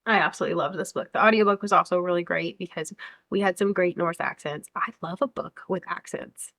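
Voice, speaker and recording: A woman's voice: on the low side, fairly quick, vocal fry, fairly bright tone. A young American woman chatting casually about upcoming books, enthusiastic and talkative, sometimes reading blurbs aloud. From United States. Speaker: book vlogger. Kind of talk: casual chat.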